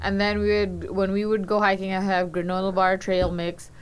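A woman's voice: medium pitch, flat delivery, normal speed, slight background noise, poor audio. A woman co-hosting a podcast, telling a rambling story with lots of fillers and swearing. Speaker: podcast co-host. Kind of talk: casual chat.

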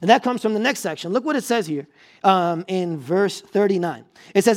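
A man's voice: sits high, animated, normal speed. A man preaching a sermon as pastor, talking conversationally with the congregation, checking in with them and repeating words as he builds a point.

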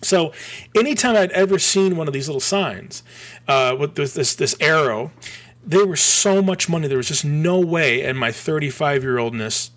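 A man's voice: fairly high pitch, normal speed. Rambling, restless middle-aged man. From Michigan. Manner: rambling, animated, frequent restarts and swearing. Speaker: podcast guest, graphic designer. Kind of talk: casual storytelling.

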